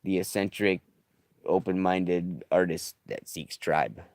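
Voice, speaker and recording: A man talking in a rambling, halting confessional video diary, emotional as he comes off substances, often trailing off quietly. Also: low voice, fairly even intonation, no room sound, studio quality. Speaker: vlogger. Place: living in a stuck bus in the desert.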